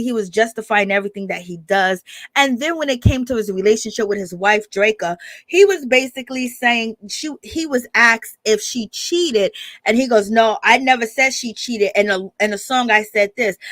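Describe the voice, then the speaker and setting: A chatty woman hosting a gossip livestream, her voice sitting a little high. She talks straight to her viewers, greeting them by name and calling them baby. The recording is dry and close, with no room sound. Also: normal speed, fairly bright tone, no echo. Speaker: gossip show host. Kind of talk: casual commentary livestream.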